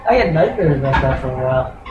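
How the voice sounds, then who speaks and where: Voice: mid-range voice, animated, fast, roomy sound, lo-fi sound. A speaker in casual, jokey chat at home who laughs often, recorded far from the mic with TV music playing.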